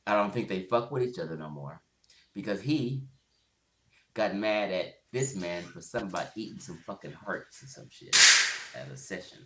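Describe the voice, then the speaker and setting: A man's voice: sits low, moderate pace, reverberant, background noise. A man giving blunt, profane commentary on a livestream, laughing often as he goes.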